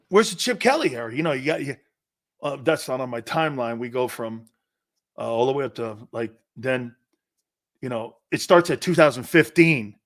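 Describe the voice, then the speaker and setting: A man's voice: a little high, fairly bright tone. A man hosting a sports talk show, talking loosely and profanely and laughing often.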